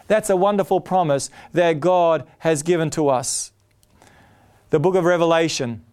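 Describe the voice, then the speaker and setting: A man's voice: fairly high pitch, a little mellow, smooth. A man preaching a sermon, earnest and emphatic, often repeating his key phrases.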